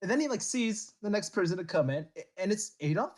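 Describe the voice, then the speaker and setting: This history podcast host has a high-pitched voice and talks fast. He keeps the storytelling lively and casual, cracking jokes, doing comic voices, and laughing along with his own tale.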